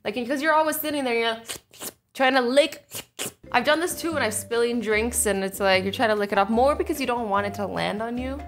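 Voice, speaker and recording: A bubbly young woman in her twenties, a YouTuber, reacts to invention ideas in a casual vlog from home, animatedly acting out little scenarios. Her fairly high voice moves fairly quickly, with soft music faintly behind her.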